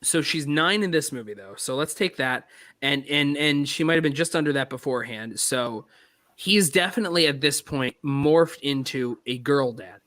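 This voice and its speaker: A man's voice: mid-range voice, expressive, normal speed, a bit bright, dry recording, studio quality. A man co-hosting a casual movie podcast, rambling and quoting film lines. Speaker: podcast co-host.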